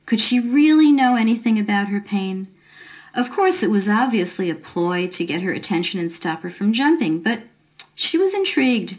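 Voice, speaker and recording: A woman narrating a short story in a measured, expressive reading. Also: mid-range voice.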